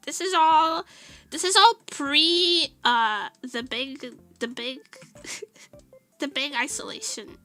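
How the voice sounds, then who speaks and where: A young woman streamer talks loosely with her chat, laughing often and dropping casual swears. Her voice sits high and sounds very bright and sharp. Faint music plays behind her. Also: fairly even intonation, slow pace, long pauses, no echo. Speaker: VTuber streamer.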